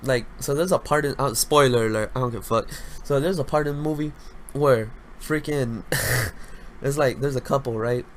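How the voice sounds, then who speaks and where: A young man rants through a casual solo podcast in a mid-pitched voice, loud and full of slang and swearing. His pitch jumps into high yelps, then drops to low mutters. A faint hiss of noise sits under the recording. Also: moderate pace. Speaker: podcast host.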